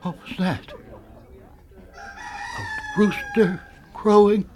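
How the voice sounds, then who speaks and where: A man's voice: sits high, wildly swooping pitch, very slow, darkish tone, a little hiss or hum, full character voice. An actor playing a frightened male fisherman disciple who speaks in a pleading, emotional way in an old-time radio drama. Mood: denying.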